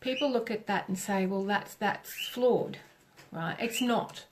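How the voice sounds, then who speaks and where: A middle-aged woman doing a live oracle reading, speaking gently with pauses and self-corrections. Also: mid-range voice. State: tearful. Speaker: psychic reader on a live stream.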